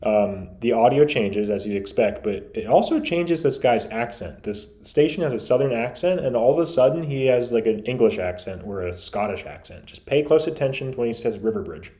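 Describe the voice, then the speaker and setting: Man, radio reviewer, analytical, emphatic commentary, mid-pitched voice. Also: expressive, fairly quick, few pauses, warm tone. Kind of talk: explanatory commentary.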